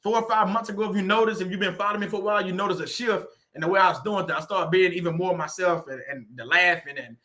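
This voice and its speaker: Fast-talking bright Southern US man. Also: sits high. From Southern United States. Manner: chatty, repetitive, laughing often, says "you know what I'm saying". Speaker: faith-based YouTuber and real estate agent. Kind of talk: casual motivational vlog talk.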